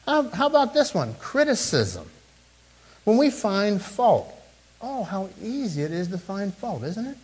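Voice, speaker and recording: Middle-aged man, pastor, lively preaching voice with a slightly high pitch, chatty with the room, dips quiet for weight. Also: measured pace, breathy edge, rough recording. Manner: animated preaching with sudden drops to a hushed tone; conversational, with asides to the congregation. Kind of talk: sermon.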